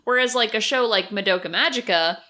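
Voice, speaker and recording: A woman's voice: a little high, fairly quick, pushed and bright. A woman hosting a podcast in casual chat, playful and enthusiastic, teasing her co-host.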